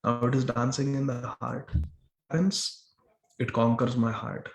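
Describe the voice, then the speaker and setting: This temple lecturer speaks in an unhurried, creaky, mid-range voice with little pitch movement. He's giving a scripture class sermon, explaining a verse one word at a time and repeating phrases to stress them, with the hall echoing around him.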